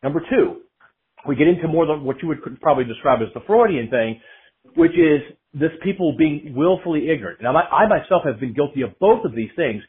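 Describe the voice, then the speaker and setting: A man's voice: fairly high pitch, expressive, a little fast, breathy edge. A man from Atlanta in his forties, hosting a casual podcast, who rambles and often restarts his sentences. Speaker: podcast host. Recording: tinny phone-like line.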